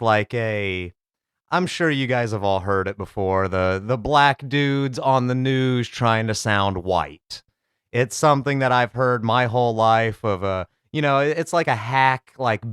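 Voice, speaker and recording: Man, casual crude commentary, crisp clear voice, dry close mic. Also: medium pitch, fairly bright tone, no room sound. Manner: rambling, crude, laid-back. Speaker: comedic video commentator. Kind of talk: casual profane comedy commentary.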